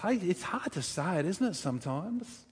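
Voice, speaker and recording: A man preaching a sermon, conversational and lively, asking the congregation questions and joking with them. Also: sits high, unhurried, husky. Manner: animated, conversational, addresses congregation with questions and humor. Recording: long reverb of a large hall.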